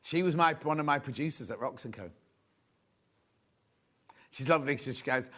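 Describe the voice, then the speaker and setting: Brief: male shopping-channel host, gossipy and rambling, voice high and very animated. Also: a little fast, long pauses. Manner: chatty, rambling, gossipy asides. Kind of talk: live TV selling chat. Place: TV studio.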